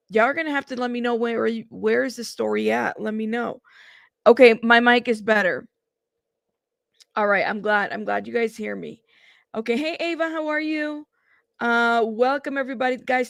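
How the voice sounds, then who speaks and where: Tired woman hosting a live chat stream, friendly greetings, a bit of vocal fry. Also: fairly high pitch, fairly bright tone. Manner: chatty, greets viewers by name. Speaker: livestream host.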